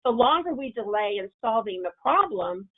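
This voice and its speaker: A woman's voice: on the high side, sing-song, normal speed. A woman presenting a parenting webinar on a video call, coaching listeners and acting out angry self-talk as examples. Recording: tinny phone-line audio.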